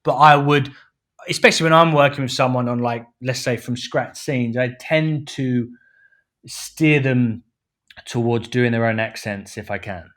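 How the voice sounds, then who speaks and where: Speaking as a podcast guest, this man from London, England, a film director, has a mid-range, fairly bright voice and a measured pace. His relaxed talk is packed with "you know" fillers, and he performs quoted speech as he goes.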